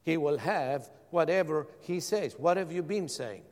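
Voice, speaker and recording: A man's voice: on the high side, lively intonation, measured pace, a little mellow, long reverb tail. A middle-aged man preaching a sermon as pastor, firing rhetorical questions and repeating phrases for emphasis.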